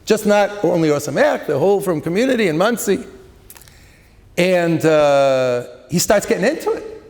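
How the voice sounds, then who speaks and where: Storytelling rabbi in a reverberant hall. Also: male voice, sits high, moderate pace. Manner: animated storyteller with Yiddish and Hebrew terms. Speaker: rabbi, seminar lecturer. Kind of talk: storytelling talk to a seminar.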